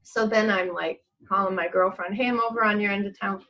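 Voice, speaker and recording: A woman's voice: mid-range voice, fairly even intonation, brisk, bright, forceful tone, dull audio. A middle-aged woman, a guest in a casual chat, telling a rambling story, laughing often and acting out what people said.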